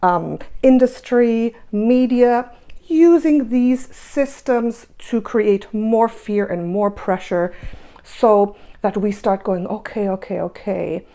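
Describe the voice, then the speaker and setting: A woman's voice: a little high, slow pace, mellow. A woman hosting a spiritual energy-update monologue, emphatic, repeating her phrases and asking rhetorical questions. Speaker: spiritual channel host.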